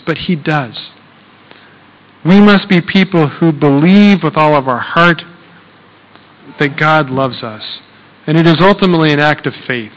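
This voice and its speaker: A man's voice: on the high side, measured pace, long pauses, long reverb tail, highs cut off. A man preaching a sermon in a conversational way, often checking in with "okay?" and using fillers. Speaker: pastor.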